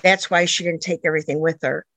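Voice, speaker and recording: Low-voiced middle-aged woman telling a story. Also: steady tone, fast, a bit bright, no room sound, low-quality recording. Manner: earnest, rambling retelling that jumps back and forth in time. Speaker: interviewee, a mother telling her daughter's story. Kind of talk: personal storytelling.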